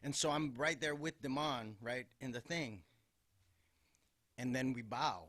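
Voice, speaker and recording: A male comedian from Chicago spins loose, profane, rambling stories with punchy asides. He is a podcast guest speaking at a middling pitch. The sound is dry and close to the mic. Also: a little slow, fairly bright tone, dry recording. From Chicago, USA. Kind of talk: casual comic storytelling on a podcast.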